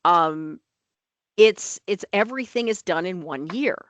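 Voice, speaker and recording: A woman's voice: fairly low pitch, animated, a little slow, no echo. A woman on licensing office staff, talking through rule changes at a board meeting in an emphatic, plain-spoken way.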